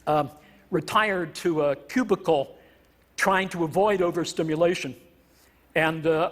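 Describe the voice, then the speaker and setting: A man from Canada lectures on stage with a noticeably high-pitched voice. He is a professor with a wry, self-deprecating humor and a playful turn of phrase. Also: fairly bright tone. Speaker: professor giving a stage talk.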